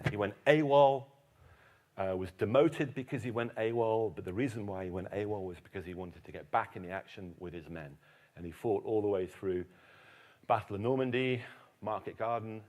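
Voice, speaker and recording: A middle-aged man with an English accent tells a history story to a live audience as keynote speaker, dropping dry, teasing jokes. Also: on the low side. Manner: dry, joking asides to the audience.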